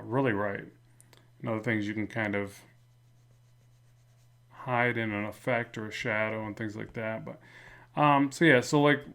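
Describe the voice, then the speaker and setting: A man with a slight lisp, talking through a drawing in a relaxed, rambling way as a comic art instructor. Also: medium pitch, creaky. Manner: relaxed, rambling, many fillers and restarts. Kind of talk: casual drawing tutorial narration.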